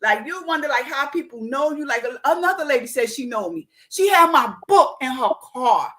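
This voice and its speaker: New woman, high voice, animated storyteller acting out quotes, podcast chat. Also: moderate pace, a crowd in the background. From Newark, New Jersey. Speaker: podcast host and author.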